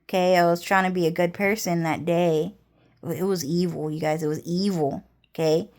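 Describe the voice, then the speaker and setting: A woman's voice: fairly low pitch, fairly even intonation, moderate pace, a little mellow. A woman vlogger telling a personal story in a rambling, repetitive way, with heavy swearing. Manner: rambling, heavily profane, repetitive. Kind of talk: casual storytelling monologue.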